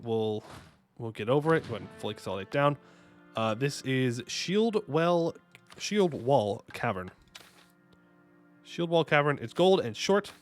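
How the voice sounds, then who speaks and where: A man streams a strategy game and talks it through with a lively, up-and-down delivery, pitched a little above most men. He chats to himself and his viewers with jokey asides and quick bursts of excitement, while faint music plays under his voice. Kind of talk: casual gameplay commentary.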